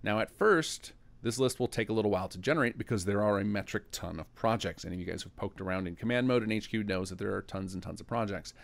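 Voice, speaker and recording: A man with a gravelly, fry-laden voice that sits a little low, explaining game features in an easygoing, talk-as-you-go way. He is the mod's developer narrating a screen-recorded tutorial, pausing and correcting himself as he navigates menus. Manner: casual, explanatory, thinking aloud.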